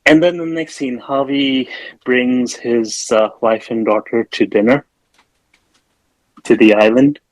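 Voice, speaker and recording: A man hosting a casual film-review podcast, loosely rambling through the plot with plenty of fillers. His voice sits at an ordinary middle pitch. The sound is close and dry, with no room around it. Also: fairly even intonation, slow pace, pauses often, dry recording, rough recording. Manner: retells scenes with acted-out quotes. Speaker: podcast host.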